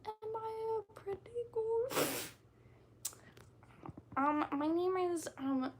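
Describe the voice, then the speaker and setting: A woman voicing a giggly, girly teenage girl at a slumber party, in a high, slow, sing-song mock-cute tone. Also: animated, background noise, heavily acted. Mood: mock-sweet.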